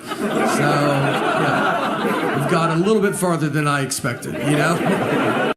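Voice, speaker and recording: A man, telling stand-up stories in a halting, deadpan way. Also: on the high side, crowd noise, background noise. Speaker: stand-up comedian. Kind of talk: stand-up routine. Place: comedy stage with audience. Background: audience laughter.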